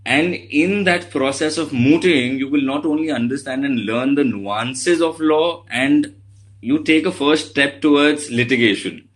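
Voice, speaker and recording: A man speaks as a guest lawyer to law students over a video call. He talks in an earnest, measured way, addressing his listeners directly. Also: medium pitch, poor audio.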